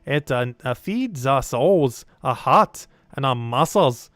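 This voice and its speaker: A man voicing a gruff, stubborn male dwarf warrior with a New Jersey accent, halting with many uhs. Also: medium pitch, lively intonation, fairly bright tone, no room sound.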